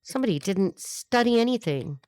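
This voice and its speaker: A woman talks through a tarot spread in a loose, animated way, hopping between ideas. She is blunt and swears freely, with quick wisecracks. Her voice sounds close and dry. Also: mid-range voice, no room sound. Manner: blunt, profane, wisecracking asides; animated, jumps between thoughts. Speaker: tarot reader. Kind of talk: casual tarot reading.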